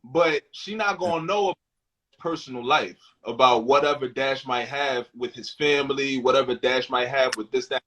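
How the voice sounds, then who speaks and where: A man's voice: medium pitch, normal speed, fairly bright tone, low-quality recording. A man co-hosting a candid talk show, speaking bluntly and emphatically, swearing freely and reading out viewer questions. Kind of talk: candid casual chat.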